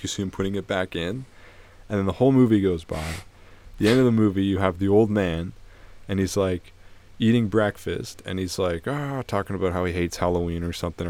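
A man's voice: low-pitched, a little mellow. A young man co-hosting a podcast, telling movie stories in casual chat, swearing and laughing often. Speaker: podcast co-host.

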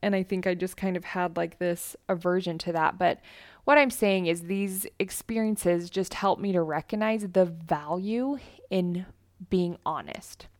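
A woman's voice: lowish voice, measured pace, dry recording. A woman hosting a podcast, telling personal stories to listeners in an earnest, chatty way and voicing the people she quotes. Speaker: podcast host.

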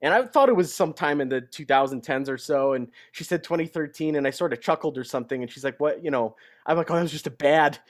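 A man's voice: on the high side, expressive, fast talker, no echo, studio quality. A young adult man chatting casually on a sports talk show, telling stories in a chatty way. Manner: chatty storyteller. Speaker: podcast co-host.

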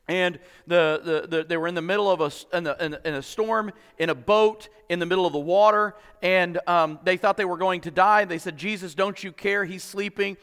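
A man's voice: high-pitched, a bit bright, smooth. A man preaching a sermon as pastor, often repeating words as he starts sentences and building in intensity. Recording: long reverb of a hall.

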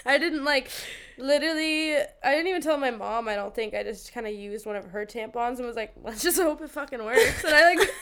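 A young woman co-host with a fairly high, smooth voice chats bluntly and casually. She swears easily and talks like a friend sharing her side of the story. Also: expressive, moderate pace, a bit bright. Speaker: podcast co-host. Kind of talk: casual chat.

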